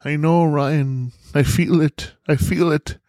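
Man doing a worn-out, reluctant aging action hero, raised pitch, whiny. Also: fairly even intonation, takes it slowly, dark tone, no room sound, clean studio sound. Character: weary, reluctant aging male action star.

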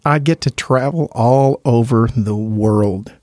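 Speaking slowly in a medium-pitched, slightly mellow voice, a gospel quartet tenor from Indiana, USA, chats as a podcast guest. He shares earnest, chatty stories, laughs readily, and the recording is dry with clean studio sound.

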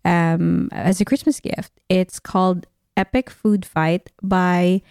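A Filipina woman with a Filipino English accent co-hosting a podcast. Her voice is mellow and warm and sounds close and dry. She talks in a chatty way and often restarts her sentences. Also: lowish voice, steady tone, slow pace, gravelly, clean tone, no room sound. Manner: chatty, with frequent fillers and restarts. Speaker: podcast co-host. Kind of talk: casual chat.

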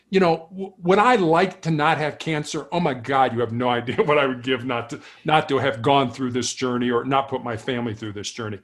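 A man's voice: mid-range voice, fairly even intonation, fairly quick, few pauses, fairly bright tone. A middle-aged man, a former police officer, telling stories earnestly in a conversational interview, often restarting and repeating words. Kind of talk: reflective storytelling in conversation.

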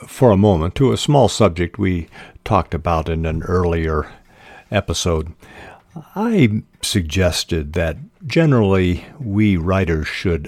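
A man hosting a podcast on fiction writing, reading passages aloud and explaining them in a measured way with frequent pauses and fillers. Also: low-pitched, darkish tone, dry recording.

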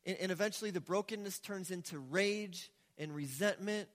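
A man's voice: sits high, normal speed, fairly bright tone. A male pastor delivering a sermon, retelling a story in a casual, conversational way. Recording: echoey hall with long reverb.

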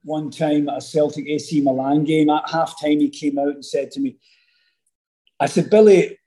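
A middle-aged Scottish man, an actor guest telling stories in a casual interview, animated and rambling with many fillers and restarts. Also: a little high, moderate pace, poor audio. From Scotland.

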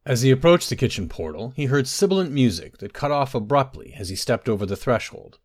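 Expressive male audiobook narrator. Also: mid-range voice, fairly quick. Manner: expressive storytelling. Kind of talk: scripted narration.

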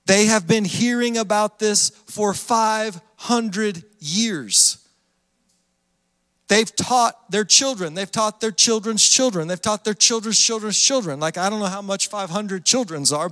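A male pastor with a high, light voice delivers a lively sermon. He tells the story with energy and acts out the voices in it, and his words ring out with a long reverb in a large church hall. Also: unhurried. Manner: animated storytelling with acted-out voices.

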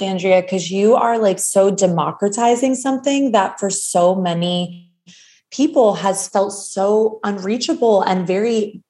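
A woman's voice: medium pitch, darkish tone. Thirty-something lady hosting a chat, gushy and talky, drops an f-bomb here and there. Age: 30s. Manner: gushing, chatty, swears casually. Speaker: podcast host. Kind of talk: casual chat.

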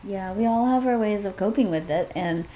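A woman's voice: medium pitch, normal speed, mellow, slight background noise, rough recording. A woman co-hosting a podcast, speaking in a reflective, supportive way in casual conversation. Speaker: podcast co-host.

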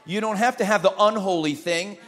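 Guy preaching a sermon, pretty high voice for a man, keeps repeating lines and asking amen. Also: fairly quick, a little hiss or hum. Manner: emphatic preaching with repeated phrases and calls of amen. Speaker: pastor.

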